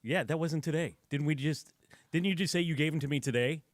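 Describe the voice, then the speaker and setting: A man's voice: a little high, a little fast, slight background noise. A man who voices commercials, bantering and telling stories on a morning radio show at a studio mic. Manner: teasing, storytelling, laughs often. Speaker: radio station staffer, voice-over announcer.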